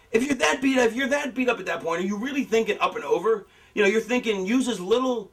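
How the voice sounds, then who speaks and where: A middle-aged man with a high-pitched voice tells stories in a loose, profane, animated way. He acts out what other people said as he goes. The mic sits a little away from him. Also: distant mic. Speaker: veteran wrestler explaining booking. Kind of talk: casual storytelling.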